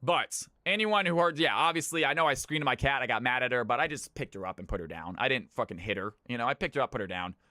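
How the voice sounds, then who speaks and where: Guy streamer from california, bright voice, brisk, swears a lot, dry mic. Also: medium pitch, animated, no room sound. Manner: brisk, swears, talks to chat. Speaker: streamer running viewer games. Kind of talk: casual live-stream chat.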